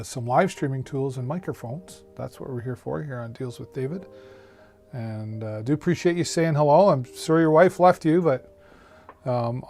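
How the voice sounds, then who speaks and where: Casual male streamer at his home setup, chatty and folksy, pitching deals over soft background music. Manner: chatty, folksy, many fillers and restarts. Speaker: live-stream host reviewing deals. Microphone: studio microphone on a mixer.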